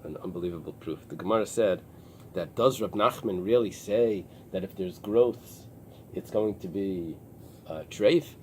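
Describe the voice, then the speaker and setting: In a synagogue study room, a small group listens as a low-voiced male rabbi leads an early-morning Talmud lesson. His delivery is halting, full of restarts and fillers, and faint hiss or hum runs underneath.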